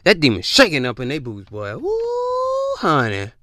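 A man talking casually about spiritual matters in a preachy, animated way, drawling and repeating himself. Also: mid-range voice, a little fast, no room sound. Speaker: podcast host.

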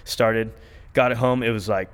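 A man's voice: on the low side, fairly even intonation, moderate pace, clear, resonant tone. Laid-back rambling man telling a story. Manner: rambling, laid-back, many likes and ums. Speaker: podcast guest, harmonica player. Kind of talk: casual storytelling chat.

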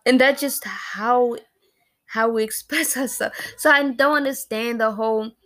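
A woman in her early twenties with an unhurried, slightly bright voice on the high side talks casually to camera. She rambles emotionally about a personal loss, with many fillers and restarts.

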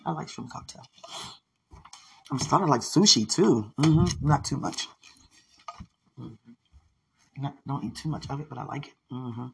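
A woman's voice: extremely low pitch, unhurried, gravelly, pauses often, breathy edge. A woman hosting a podcast in casual livestream chat, effusive and affectionate and laughing often. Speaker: podcast host.

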